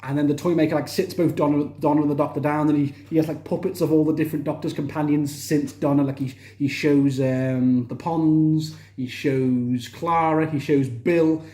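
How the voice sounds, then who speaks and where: A man's voice: on the high side, steady tone, normal speed, few pauses, mellow, echoey room. A young man casually reviewing a TV series, enthusiastic and rambling, with frequent restarts. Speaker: TV review vlogger.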